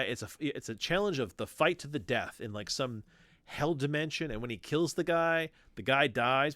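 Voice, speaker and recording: Animated man retelling a story. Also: medium pitch, no echo. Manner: animated storytelling, acts out quoted lines, swears freely. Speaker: podcast host. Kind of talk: casual chat about comics.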